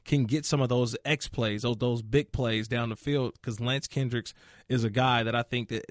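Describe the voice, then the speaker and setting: A man's voice: medium pitch, fairly even intonation, dry recording, clean studio sound. Upbeat male sports radio host. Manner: upbeat, quick to laugh along.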